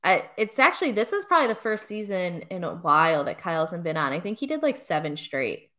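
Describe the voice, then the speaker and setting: A woman's voice: fairly low pitch, very animated, a little fast, bright, forceful tone. A young woman co-hosting a podcast, chatting casually with lots of fillers and frequent laughs. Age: young adult. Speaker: podcast co-host. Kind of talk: casual chat.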